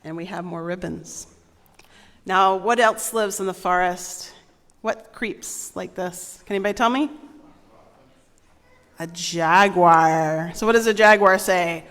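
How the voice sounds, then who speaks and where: A woman's voice: on the low side, takes it slowly, pauses often, fairly bright tone. A woman reading a picture book aloud to children at a church service, playful and asking them questions. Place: large sanctuary. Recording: long reverb in a large hall.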